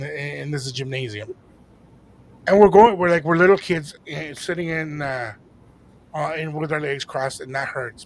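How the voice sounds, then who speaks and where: A man with a gravelly, raspy voice pitched a little above the usual male range, co-hosting a relaxed podcast. He tells a story in a casual, chatty way, with animated delivery that acts out the dialogue. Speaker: podcast co-host.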